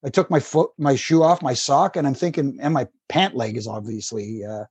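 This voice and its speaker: Husky man telling rambling stories. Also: medium pitch, normal speed, darkish tone, dry recording. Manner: rambling anecdotes with restarts and laughter. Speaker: former wrestling referee. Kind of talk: casual storytelling.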